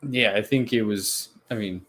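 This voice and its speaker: A man co-hosts a sports podcast in a slightly low voice. He tells stories with energy, jumping up high when he acts out what others said, in loose, casual chat. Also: normal speed. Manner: animated storytelling, acts out quotes in a high voice. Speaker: podcast co-host.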